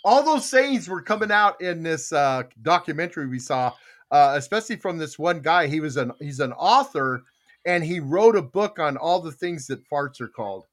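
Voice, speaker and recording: High, bright-voiced older man host. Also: moderate pace. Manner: animated storytelling with laughter and acted-out quotes. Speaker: podcast host. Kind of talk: casual chat.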